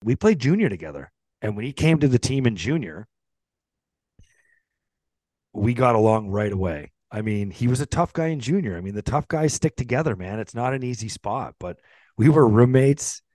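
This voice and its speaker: A middle-aged man, a former hockey player hosting a podcast, telling a profane, animated story and acting out the quotes. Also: mid-range voice, moderate pace, no echo. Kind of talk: casual storytelling chat.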